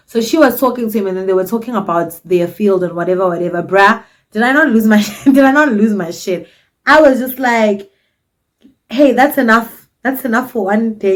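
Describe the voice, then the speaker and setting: Animated South African woman telling stories. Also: mid-range voice. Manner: animated, dramatic, cheeky storytelling. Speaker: vlogger. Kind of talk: casual storytime.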